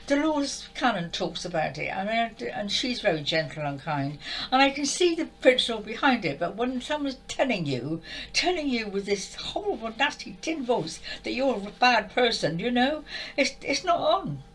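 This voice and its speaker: A woman's voice: medium pitch, big pitch swings, normal speed, poor audio. An older woman speaking in an upset, exasperated and tearful way, repeating herself as she vents about spiritual channelling. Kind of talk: emotional monologue to camera.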